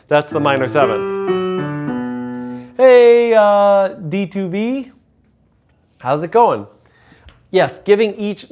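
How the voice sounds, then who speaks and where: A man hosting a casual livestream, teaching relative pitch by humming and singing intervals and chatting with viewers. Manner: hums and sings intervals to demonstrate; chats with viewers. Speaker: livestream host and music teacher.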